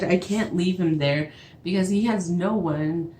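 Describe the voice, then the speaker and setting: Young Navajo woman, storytime vlogger, low voice, animated retelling in a roomy space. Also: moderate pace. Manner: animated retelling, acts out both sides of calls. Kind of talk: storytime vlog. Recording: echoey room with faint background noise.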